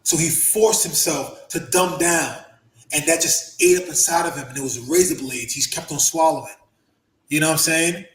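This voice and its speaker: Lively guy telling a story on a podcast, a bit high voice, echoey room. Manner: animated, quick bursts, acts out quotes. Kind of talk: casual storytelling.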